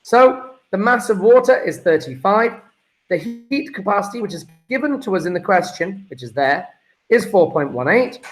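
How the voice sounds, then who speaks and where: Man teaching chemistry, exam walkthrough, chatty, talks to students as folks, slightly high pitch. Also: lively intonation, moderate pace, rough recording.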